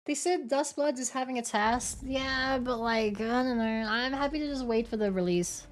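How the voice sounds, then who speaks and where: Giggly Australian woman streamer, higher voice, rambling chat over a noisy hiss. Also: normal speed. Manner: giggly, rambling, with restarts and fillers. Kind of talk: casual chat reading out viewer comments while gaming.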